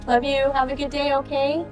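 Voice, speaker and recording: A woman in her forties sharing a personal testimony, candid and emotional, often dropping to a near-whisper. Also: sits high. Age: 40s.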